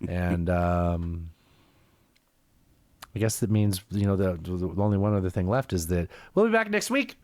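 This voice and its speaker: A man's voice: deep voice, expressive, unhurried, long pauses, a little mellow, no room sound. A man hosting a podcast in a loose, joking, rambling way, with lots of fillers. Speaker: podcast host. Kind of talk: casual chat.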